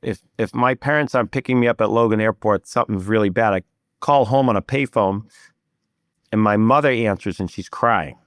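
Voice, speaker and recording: A man's voice: lowish voice, fairly quick, clear, resonant tone, no echo, studio quality. A man in an interview, telling a personal story candidly, with many fillers and restarts. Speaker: guest, private equity investor.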